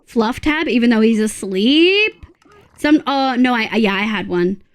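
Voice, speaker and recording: Her voice sits on the high side, expressive and measured in pace, as this young Australian woman chats casually on a livestream. She reads viewers' messages out loud, raves over their photos with gushing exclamations, and mutters asides.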